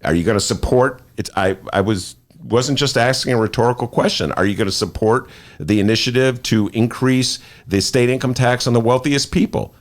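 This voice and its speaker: A man's voice: mid-range voice, normal speed. A man hosting a talk show with a Chicago accent, arguing political points emphatically with a joking edge. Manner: emphatic, argumentative, jokey. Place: podcast studio.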